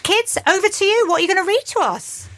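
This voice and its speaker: Female radio host, high and animated, encouraging. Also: fast. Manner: warmly encouraging, praising. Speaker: radio presenter. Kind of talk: casual radio chat.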